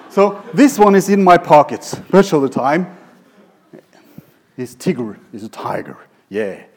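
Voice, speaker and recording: A man who is a pediatric radiologist, giving a lecture with anecdotes in a halting way with many restarts. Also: sits high, darkish tone. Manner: halting, many fillers and restarts, chuckling asides.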